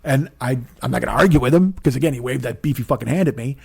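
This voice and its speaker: A man in his forties, a comedian and podcast host, telling a profane, exasperated story monologue that swings into loud rants. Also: medium pitch, fast talker, creaky, slightly rough, no echo, clean studio sound. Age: 40s.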